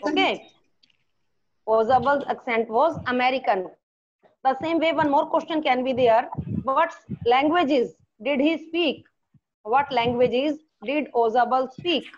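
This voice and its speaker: A woman teacher with an Indian accent who repeats each question, explains slowly and slips into Hindi. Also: high-pitched, highs cut off. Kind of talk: online class lesson.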